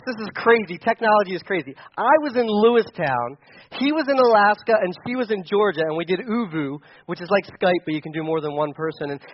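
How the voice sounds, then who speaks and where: High-voiced young pastor preaching casually. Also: male voice, dull audio, slight background noise. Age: young adult. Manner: conversational, storytelling with repeated restarts. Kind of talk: sermon.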